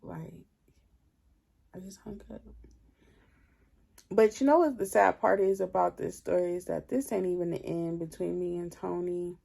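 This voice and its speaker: A young woman telling a storytime tale in casual chat, drained and low on energy, leaning on 'like' as she talks. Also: normal speed, vocal fry, few pauses, warm tone. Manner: chatty, leans heavily on 'like'. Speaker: vlogger.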